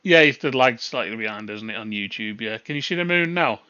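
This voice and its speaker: Chatty bright-voiced man hosting a stream. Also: mid-range voice, animated, fairly quick, clean tone, no room sound, dull audio. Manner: chatty, laughing, swearing casually. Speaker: livestream host. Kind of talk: casual live-stream chat.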